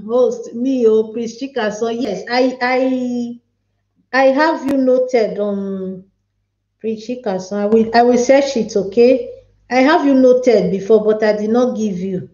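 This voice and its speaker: In a dull, lo-fi recording from an echoey room, a woman with a Nigerian Pidgin English accent chats and laughs on her livestream, naming viewers as she goes. Her voice sits on the high side and has a darkish tone.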